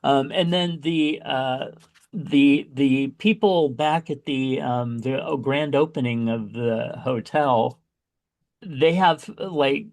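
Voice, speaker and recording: A man co-hosting a podcast, chatting casually about a movie with big excited jumps in pitch when he exclaims. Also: takes it slowly. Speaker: podcast co-host. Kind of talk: casual chat reviewing a movie.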